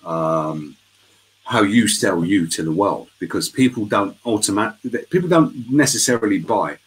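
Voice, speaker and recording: A very deep-voiced man guests on a casual live interview over a video call. He is chatty and tells lively stories. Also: measured pace, poor audio.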